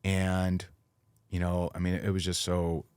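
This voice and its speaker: A man's voice: sits low, completely flat delivery, measured pace, darkish tone, smooth, no room sound. A middle-aged man talking as a podcast guest, telling an earnest, emotional personal story with many fillers and restarts.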